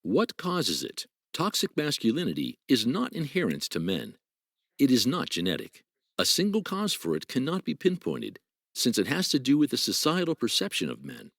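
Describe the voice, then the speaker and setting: A man reading a scripted explainer narration in a formal, measured, textbook tone. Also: medium pitch, wildly swooping pitch, gravelly, fairly bright tone, no room sound, clean studio sound. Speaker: narrator of a clipped explainer video.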